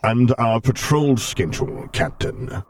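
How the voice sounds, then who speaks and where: Man reading a masked male dark lord: cold, menacing, slow deliberate orders. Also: creaky. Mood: commanding. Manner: slow, clipped orders in a low rumble.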